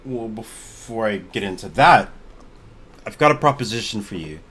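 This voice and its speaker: A man voicing a wealthy, oddly energetic young woman archaeologist in a tabletop game, talking bluntly and brightly. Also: on the low side, husky. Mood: chipper. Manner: bubbly, blunt, fast-talking.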